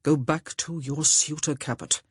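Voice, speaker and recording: Woman reading a roguish gentleman, low husky voice, dry sardonic delivery, clipped lines. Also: fairly even intonation, unhurried, dry recording. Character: roguish wry gentleman, self-assured. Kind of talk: audiobook character voice.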